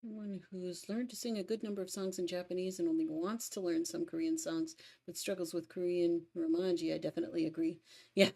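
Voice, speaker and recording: A woman's voice: on the low side, steady tone, fairly quick, gravelly, mellow. A woman hosting a casual livestream, reading viewer comments aloud and giving short agreeing replies. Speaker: livestream host and cover singer.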